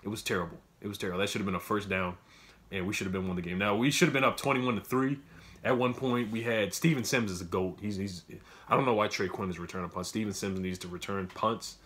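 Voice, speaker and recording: A young man giving a casual, emotional fan recap, full of fillers and repeats, swinging between loud outbursts and quiet muttering. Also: fairly low pitch, fairly even intonation, fast. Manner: filler-heavy, repeats himself. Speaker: sports fan commentator. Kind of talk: casual fan reaction monologue.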